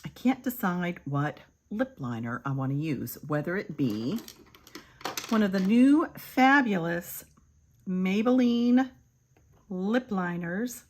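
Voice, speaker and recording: An older woman giving a chatty makeup tutorial, calling her viewers "kids" and sometimes dropping to a soft murmur. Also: fairly low pitch, animated, takes it slowly. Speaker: beauty vlogger.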